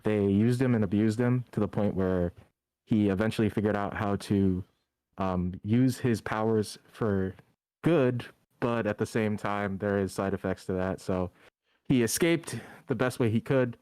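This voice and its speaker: A man introducing himself and his character in a tabletop game, plain and steady. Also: on the low side, unhurried, clear, resonant tone, no echo. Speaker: player. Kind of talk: casual self-introduction.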